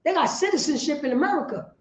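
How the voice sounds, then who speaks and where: A woman preaching on the street, firing rhetorical questions and bursting into shouts. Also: high-pitched, animated, fast, roomy sound, poor audio.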